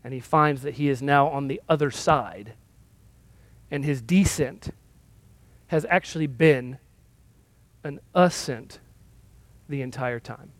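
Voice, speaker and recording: A man's voice: medium pitch, takes it slowly, pauses often, dry recording. A male pastor giving a sermon in a conversational, self-deprecating storytelling manner.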